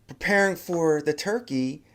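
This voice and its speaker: A man's voice: fairly high pitch, unhurried, voice pushed up. A man voicing a curious young newlywed woman, in a lifted, questioning tone. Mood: puzzled.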